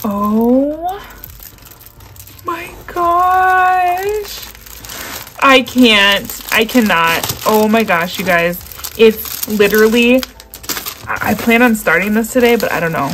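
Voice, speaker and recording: Excited woman unboxing craft stuff at a table, oh-my-gosh every few seconds, plastic crinkling in the back. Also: medium pitch, moderate pace, background noise. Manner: gushing, exclaims often, talks to viewers directly. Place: at a table indoors. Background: crinkling packaging.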